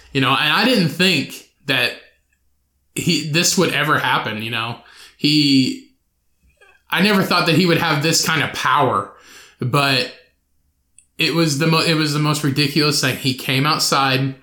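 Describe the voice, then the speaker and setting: A man's voice: mid-range voice, bright, forceful tone, reverberant. A young man hosting a podcast alone, telling a rambling, profane story with lots of laughter. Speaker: podcast host.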